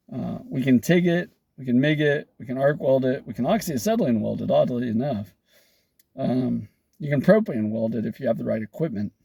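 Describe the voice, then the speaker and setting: A man with a gravelly, mellow voice walks through technical problems like a seasoned welder. He talks casually and throws in sarcastic, wry jokes. The sound is dry and close. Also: medium pitch, no echo. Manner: sarcastic, wry joking asides. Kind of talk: casual explanatory talk.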